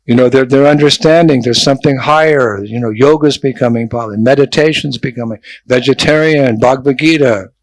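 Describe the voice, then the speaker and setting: A man's voice: medium pitch, a little fast, hardly any pauses, no echo, low-quality recording. An older man, a traveling monk, giving a sermon to young people, telling stories with jokes and asides. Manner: lively storytelling with jokes and asides. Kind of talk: sermon to a youth festival.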